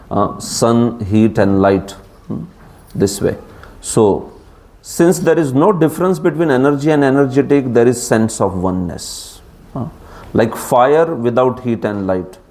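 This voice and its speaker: A man with an Indian accent lectures a scripture class at a mid pitch for a man. He talks in a lively way, laughs often and keeps turning questions to his students. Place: class streamed live.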